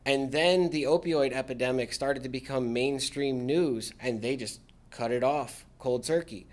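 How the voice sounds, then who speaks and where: Unhurried and mid-range in pitch, a man talks as a podcast guest about recovering after military service. He's candid and casual, and his humor runs dry and sarcastic.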